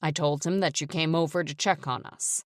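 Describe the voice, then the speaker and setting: A woman's voice: low-pitched, steady tone, normal speed, dry recording, clean studio sound, close to an everyday voice. A woman reading an audiobook, voicing a cold, stern, controlling man who gives orders. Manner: stern, commanding.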